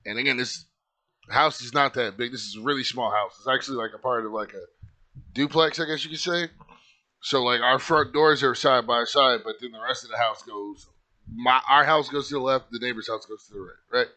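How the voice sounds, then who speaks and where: Young man, bright-toned, casual storyteller who rambles and swears. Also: medium pitch, a little fast. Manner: rambling, lots of filler likes, swears freely.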